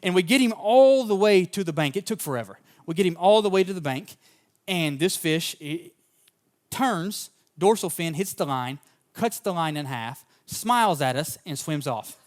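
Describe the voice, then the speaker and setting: A male pastor preaching a sermon and telling personal stories, fervent in places and relaxed in others. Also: on the high side, moderate pace. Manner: fervent at the open, then relaxed anecdotal storytelling.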